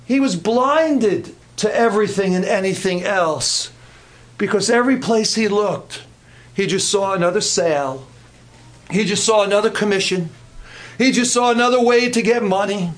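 Man, high-pitched, preaching a sermon, earnest, repetitive, folksy humor. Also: moderate pace.

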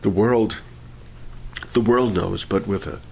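A man leading worship and preaching a sermon, fervent in praise and gentle when he teaches. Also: fairly low pitch, takes it slowly, creaky, a little hiss or hum. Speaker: pastor.

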